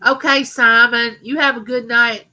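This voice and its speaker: A middle-aged woman with a rough voice, rambling chattily to her viewers as host of a live stream. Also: fairly high pitch, level tone, normal speed, pushed and bright, poor audio. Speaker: livestream host. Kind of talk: casual live stream chat.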